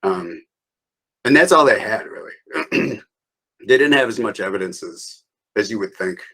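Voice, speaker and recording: A man's voice: on the low side, lively intonation, a little slow, vocal fry, bright, forceful tone, breathy edge, poor audio. A man being interviewed, telling a long story in a loose, rambling way with restarts and small laughs. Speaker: interview guest.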